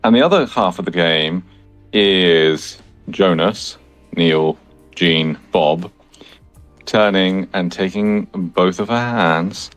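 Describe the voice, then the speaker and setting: A man playing in a tabletop game with a very deep voice, describing his moves in a theatrical style. He speaks slowly and the sound is dry and close. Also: no room sound. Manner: slow, theatrical in-character narration. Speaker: player. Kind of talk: tabletop role-play.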